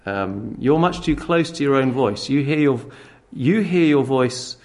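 A man's voice: medium pitch, lively intonation, measured pace. A man preaching a sermon in a conversational way, often restarting his sentences.

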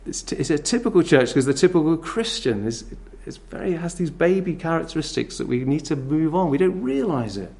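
Male preacher, gravelly, a touch high, chatty and animated sermon style. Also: fairly quick, few pauses. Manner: conversational, animated, with rhetorical questions and playful voices for children.

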